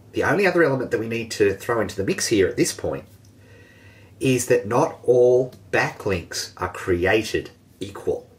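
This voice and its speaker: A man teaching an online marketing lesson, energetic and jokey, poking fun at himself. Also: fairly low pitch. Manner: energetic, jokey and self-mocking. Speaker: online marketing course host.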